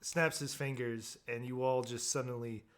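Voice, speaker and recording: A man narrating a tabletop game as game master, describing scenes in an unhurried way. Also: medium pitch, steady tone, crowd noise.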